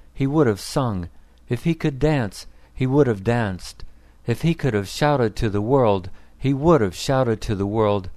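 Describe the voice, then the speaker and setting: A man reading a story aloud as narrator in a wry, measured storytelling manner. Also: medium pitch, darkish tone, no room sound. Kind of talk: scripted narration.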